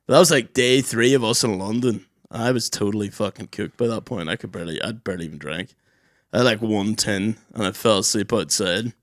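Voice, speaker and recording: A young man, co-hosting a podcast in a studio and telling stories in lively casual chat, swearing freely. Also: on the low side, a little fast, no echo. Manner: animated storyteller, swears freely, does loud voices. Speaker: podcast co-host.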